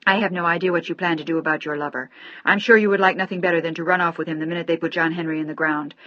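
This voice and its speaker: A woman's voice: on the low side, fairly even intonation, very fast, no room sound, muffled recording, natural voice. A woman voicing a furious, stern old father. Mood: cold, contemptuous. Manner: shouting accusations, cold and contemptuous.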